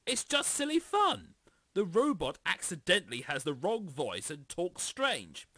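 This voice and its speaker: A man in comedic video review commentary, calmly explaining and defending the game's jokes. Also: sits high, unhurried. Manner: calm, explaining, defending the game.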